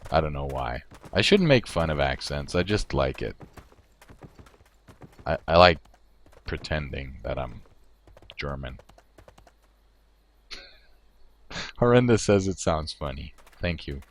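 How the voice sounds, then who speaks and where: A man's voice: rumbling low, very animated, takes it slowly, long pauses. A male game streamer giving casual commentary. He rambles and thinks aloud, often amused at himself.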